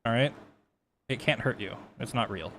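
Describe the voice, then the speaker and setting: A man's voice: medium pitch, moderate pace, fairly bright tone, a little hiss or hum. A young man casually walking through 3D texturing on a live stream, rambling, swearing freely and mocking himself. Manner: rambling, profane, self-mocking.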